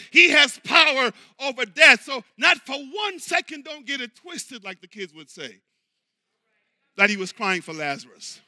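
A pastor preaching a sermon with passion, calling out to the congregation and moving between shouting and hushed, low talk. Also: male voice. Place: church sanctuary. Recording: long hall reverb.

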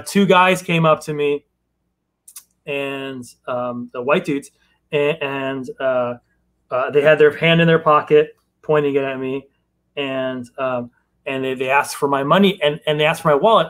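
Slightly high-voiced man, thoughtful guest. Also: normal speed, a bit bright. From Los Angeles. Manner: thoughtful, searching for words. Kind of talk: live Q&A interview.

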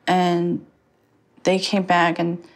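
A young woman telling her own story in a halting way, full of fillers and restarts. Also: on the low side, completely flat delivery. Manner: halting, many fillers and restarts, quotes others. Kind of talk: personal testimony.

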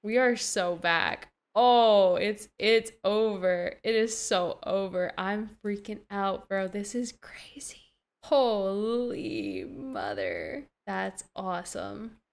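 A young woman, apparently a gaming streamer, plays a building game and chats about it in a mid-range, fairly bright voice with some vocal fry. She gushes and gasps with delight, muttering slangy asides to herself as she goes.

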